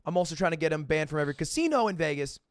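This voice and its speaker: A young man telling a story in a casual monologue, profane and animated, acting out both sides of the phone calls he recounts. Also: on the high side, rapid-fire, clear, resonant tone, dry recording, studio quality.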